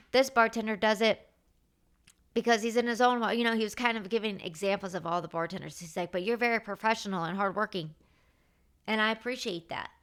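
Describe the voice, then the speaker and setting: A woman, hosting her own podcast and telling work stories in a chatty, animated way, acting out what others said. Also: on the high side. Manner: animated, chatty, acts out quoted dialogue. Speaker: podcast host. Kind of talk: casual storytelling monologue.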